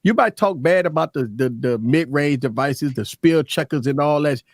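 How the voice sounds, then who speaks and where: A man's voice: on the high side, moderate pace, no echo, clean studio sound. A man co-hosting a live tech stream, talking in casual, blunt, profane banter. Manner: animated, blunt, swears freely. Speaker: tech show co-host.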